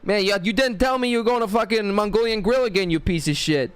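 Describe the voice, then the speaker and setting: A man's voice: sits high, quick pace, clean tone, no room sound, voice pushed up, close to an everyday voice. A man voicing an angry old Boston-Italian toilet bowl with a Boston Italian accent, scolding and cursing. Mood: furious.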